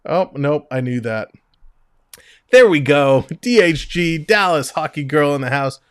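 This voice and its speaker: A man's voice: a little high, animated, unhurried, smooth, dry recording, studio quality. A man hosting a live hockey stream, reading stats and chatting with guests in an upbeat, joking way. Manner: upbeat play-by-play, reads stats, jokes. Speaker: stream host.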